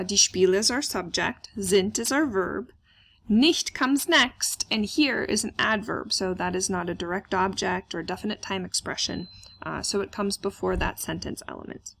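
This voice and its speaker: A woman's voice: medium pitch, creaky, fairly bright tone, slight background noise. A woman teaching a German grammar lesson, explaining step by step and asking questions she then answers. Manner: explains step by step, asks questions aloud and answers them, many "uh" fillers. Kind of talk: classroom grammar lecture.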